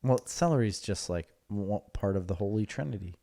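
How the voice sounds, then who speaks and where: A young adult man co-hosting a casual podcast, joking around and quick to dispute what he hears. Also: lowish voice, animated, gravelly, mellow. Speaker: podcast co-host. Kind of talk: casual chat.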